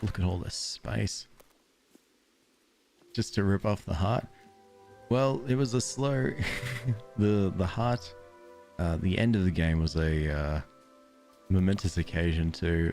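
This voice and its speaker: Brief: low, gravelly Aussie bloke, relaxed let's-play chatter that wanders into tangents, soft music behind. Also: male voice. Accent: Australian. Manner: rambling, tangent-prone storytelling. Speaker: streamer. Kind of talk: casual gameplay commentary.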